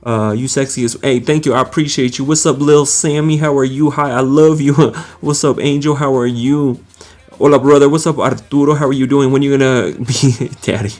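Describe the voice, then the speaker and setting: A man's voice: medium pitch, fairly even intonation, normal speed, a little mellow, soft background music. A young man hosting a live stream, casually greeting viewers by name and reading their comments aloud with frequent laughs.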